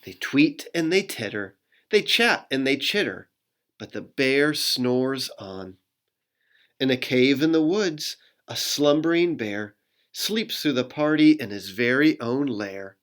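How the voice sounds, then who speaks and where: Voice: mid-range voice, a little slow. Pastor reading a picture book playfully. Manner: playful and animated, with sound effects. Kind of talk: expressive children's book reading and prayer.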